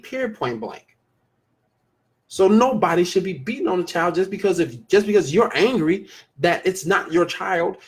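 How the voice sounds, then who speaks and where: A man hosting a casual live-stream show, talking emphatically and repeating phrases for stress as he reads viewer comments. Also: high-pitched.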